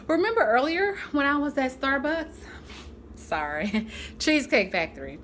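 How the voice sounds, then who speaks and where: Casual woman vlogger, chatty, churchy turns of phrase, lively high voice. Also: moderate pace, a little hiss or hum. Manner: chatty, animated, laughs often. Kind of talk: casual vlog talk to camera.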